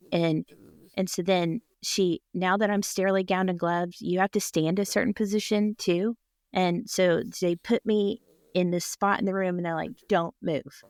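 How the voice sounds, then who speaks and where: A woman in her forties, a surgical technology department chair, telling an animated personal story in a podcast interview and laughing often. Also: on the low side, no room sound. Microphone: podcast microphone.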